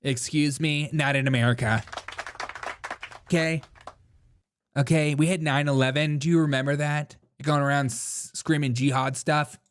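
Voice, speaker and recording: A man's voice: on the high side, fairly even intonation, moderate pace, pauses often, clean tone. A man hosting a live commentary show, talking casually in a mocking way, laughing often and saying "dude". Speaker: host.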